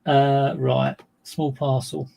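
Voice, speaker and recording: Middle-aged man, gravelly and husky, casual rambling livestream chatter, self-deprecating. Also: mid-range voice, flat delivery, slow, warm tone. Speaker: reseller livestreamer.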